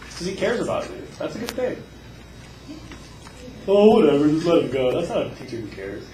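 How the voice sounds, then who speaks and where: A male teacher giving a lively classroom lecture, telling stories and acting out voices. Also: a little high, fairly quick, far from the mic. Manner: animated storyteller, acts out voices. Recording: echoey classroom with faint noise.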